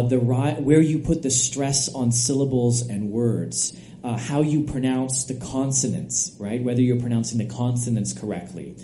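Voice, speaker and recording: A man who is a native English speaker, a guest expert giving steady, explanatory podcast answers and often checking in with "right?". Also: mid-range voice, a little hiss or hum. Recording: echoey room.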